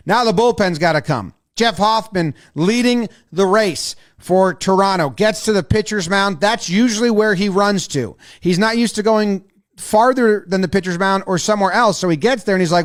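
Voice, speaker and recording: A man giving a casual, excitable, profane breakdown of a baseball game, acting out what the players say. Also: sits high, moderate pace. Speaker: sports video commentator.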